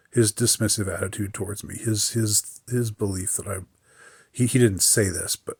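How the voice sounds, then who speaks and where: A man speaking in a casual, reflective monologue, halting with many fillers and restarts, mildly aggrieved. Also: on the low side, darkish tone, husky, dry recording, studio quality. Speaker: podcaster.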